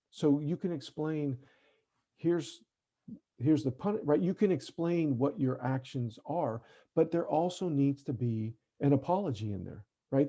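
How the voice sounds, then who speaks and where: Speaking earnestly to parents in an online talk, a middle-aged man keeps checking in by tagging his sentences with "right?". His voice is on the high side, gravelly and warm, and the call audio sounds dull and lo-fi.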